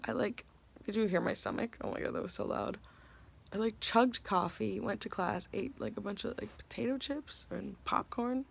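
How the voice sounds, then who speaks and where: A young woman chats straight to her camera, rambling and self-mocking in a giddy, scattered way. Her voice sits mid-range with a gravelly fry at the edges. She sounds tired and hungry at the end of a long day. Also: medium pitch, moderate pace, slight background noise. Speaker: actress vlogger. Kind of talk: casual vlog chat.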